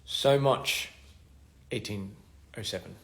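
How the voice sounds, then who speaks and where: A man's voice: lowish voice, slow, gravelly. A man chatting casually on a phone livestream, reading fan comments and rambling as he trails off between thoughts. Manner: rambling, trails off, soft-spoken asides.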